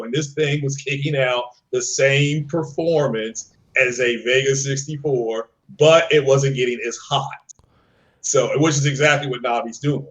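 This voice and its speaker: A man's voice: medium pitch, fairly bright tone. A man hosting a casual gaming podcast, rambling and joking, with restarts and fillers. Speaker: podcast host.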